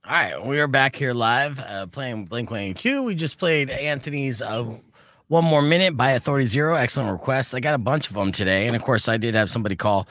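A man's voice: medium pitch, expressive, a little fast, fairly bright tone, dry recording. A man hosting live radio from a studio, loose and upbeat, rambling with fillers. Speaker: radio show host.

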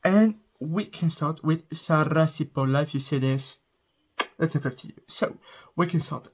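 A man's voice: a little high, measured pace, slightly rough. Effusive man. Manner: effusive, gushing and easily emotional. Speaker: music reaction vlogger. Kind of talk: casual reaction video. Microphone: headphones on, speaking to camera.

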